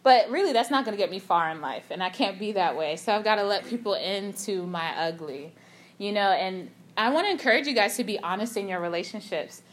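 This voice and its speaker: Animated young woman giving a casual sermon. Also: mid-range voice, brisk. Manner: animated storytelling, filler-heavy, acts out quotes. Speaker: youth speaker. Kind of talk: casual sermon with personal story.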